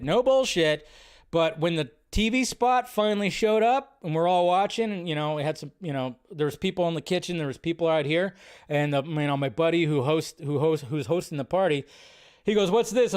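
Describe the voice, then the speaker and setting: A man hosting a live stream, reacting to a movie trailer in an excitable, rambling way and swearing freely. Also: fairly high pitch, smooth. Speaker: host. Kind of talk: casual live-stream commentary.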